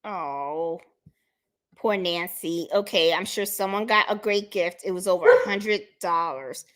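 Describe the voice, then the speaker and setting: A woman's voice: lowish voice, a little slow, fairly bright tone. A woman from Puerto Rico hosting a casual craft livestream, chatting and greeting viewers by name as she reads their comments. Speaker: craft channel host.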